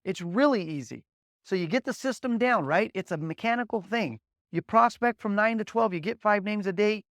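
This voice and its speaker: A man leading a motivational sales training session for new agents, telling energetic stories and driving points home with repeated "guess what" and "okay?". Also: high-pitched, normal speed, no room sound, clean studio sound. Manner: blunt, punchy coaching delivery.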